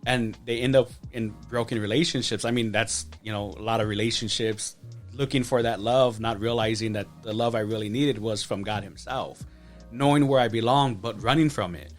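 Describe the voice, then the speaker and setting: A man's voice: fairly low pitch, moderate pace, faint music behind. A man in his thirties, a podcast guest, telling his life story with feeling, with many restarts and "like". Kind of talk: personal testimony.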